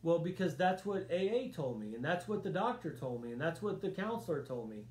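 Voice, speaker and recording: A man's voice: a little high, big pitch swings, brisk, darkish tone, roomy sound. A man preaching a sermon as a pastor, earnest and emphatic, often repeating his phrases. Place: church sanctuary.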